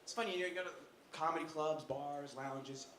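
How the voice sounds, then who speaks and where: Male stand-up comic, high voice, big energy, shouts punchlines, roomy club with crowd noise. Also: brisk. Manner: loud, animated, shouting punchlines, acting out characters. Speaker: stand-up comedian. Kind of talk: stand-up set. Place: comedy club stage.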